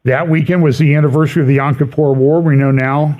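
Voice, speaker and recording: A man's voice: fairly high pitch, steady tone, quick pace, highs cut off. A middle-aged man giving a conversational church prophecy update, reading quotations aloud and adding wry asides.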